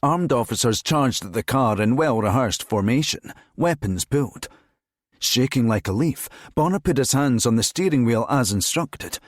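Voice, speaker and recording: A man narrating a crime thriller audiobook in a measured, steady reading voice. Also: mid-range voice, dry recording, clean studio sound. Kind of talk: scripted narration.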